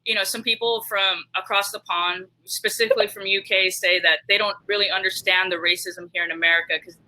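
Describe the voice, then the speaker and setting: A panel host moderating a video-call discussion, speaking haltingly with many restarts and laughing along. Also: mid-range voice, fairly even intonation, bright, forceful tone, rough recording.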